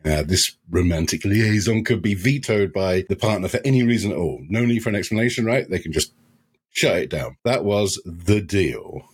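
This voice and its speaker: A man's voice: fairly low pitch, lively intonation, normal speed, breathy edge. A young adult man from England who co-hosts a podcast, telling a funny story casually, swearing and laughing as he goes.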